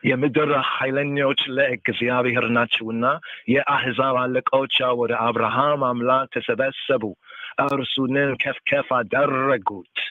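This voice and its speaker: A man hosting a call-in podcast, teaching scripture verse by verse. He speaks deliberately, repeats words and glosses, and sometimes half-chants the verses. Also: medium pitch, steady tone, no room sound. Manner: deliberate, repeats each word and gloss several times; half-chants verses in a sing-song intonation. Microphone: phone line. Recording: tinny dry phone line.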